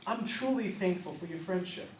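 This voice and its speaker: A man's voice: sits high, reverberant, distant mic. A man doing a stand-up comedy set in a small club, telling stories and briefly voicing the people in them. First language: not English. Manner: storytelling, acts out characters in quick bursts. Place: small improv club stage, live audience.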